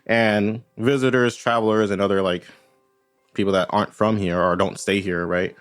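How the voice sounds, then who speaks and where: Deep voiced dude gm, rambly casual chat, keeps saying right?. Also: male voice, steady tone, moderate pace, faint music behind. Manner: rambling, tags lines with "right?". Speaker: game master. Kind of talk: casual tabletop game talk.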